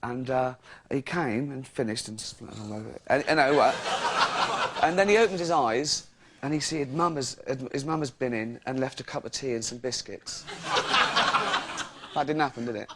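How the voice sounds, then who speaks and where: A man's voice: medium pitch, normal speed, heavy background noise. A man, a comedian rambling through jokes and laughing at his own lines. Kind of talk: stand-up style comic monologue.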